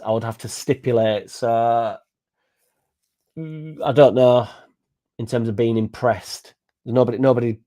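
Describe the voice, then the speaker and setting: Young male fan-channel host; excitable, rambling banter with plenty of swearing. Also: on the low side. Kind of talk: casual live-stream chat reading viewer comments.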